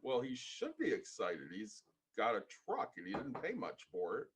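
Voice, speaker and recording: A man co-hosting a casual podcast, explaining his points in a measured way and asking pointed questions. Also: fairly low pitch, huge pitch swings, a little hiss or hum. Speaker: podcast co-host. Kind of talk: casual chat.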